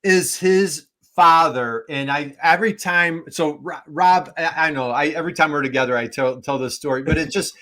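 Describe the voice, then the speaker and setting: Excited guy co-hosting, telling a story, laughs a lot, a bit high voice. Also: normal speed, few pauses. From Western New York. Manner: enthusiastic storyteller, laughs often. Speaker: podcast co-host. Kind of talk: casual chat.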